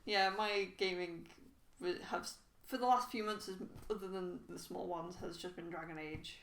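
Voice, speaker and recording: A woman's voice: steady tone, normal speed, a bit bright. A woman co-hosting a podcast, talking casually and laughing often, with her voice rising when she acts out game characters. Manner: chatty, laughing, goes high when quoting characters. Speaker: podcast co-host. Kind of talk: casual chat. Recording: roomy echo.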